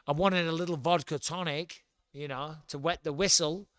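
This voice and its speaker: Chatty English man, slightly high voice. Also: steady tone, moderate pace, a bit bright, no echo. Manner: chatty, blunt, swears freely. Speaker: livestream host. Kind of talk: casual livestream chat. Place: at home.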